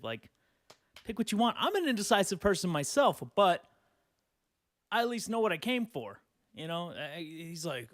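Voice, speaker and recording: Brief: twenties man, higher-pitched voice, sarcastic profane rant, dry close sound. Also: dry recording. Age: 20s. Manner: sarcastic, profane, rambling with many fillers. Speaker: podcast host. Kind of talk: ranting solo podcast.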